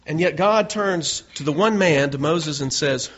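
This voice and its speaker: A man's voice: a little high, lively intonation, moderate pace, few pauses, fairly bright tone. A male pastor preaching a sermon in an earnest way, building to emphatic peaks. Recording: dull lo-fi recording.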